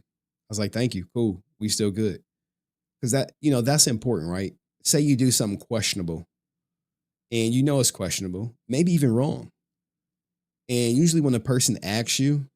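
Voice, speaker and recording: Male streamer, casual and animated, heavy slang and swearing. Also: on the low side. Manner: animated, profane, slangy storytelling. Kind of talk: casual livestream chat.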